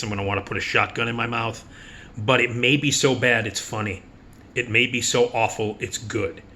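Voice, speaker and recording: A bright, forceful male voice in a casual movie preview. He talks bluntly and swears freely. He is sarcastic and dismissive, and he breaks into quick mocking impressions. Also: fairly low pitch, slight background noise. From United States. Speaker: film critic.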